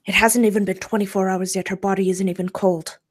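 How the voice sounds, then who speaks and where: A woman voicing an intense male police inspector who speaks in a pressing, hushed way. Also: mid-range voice, level tone, quick pace, lightly acted. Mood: urgent.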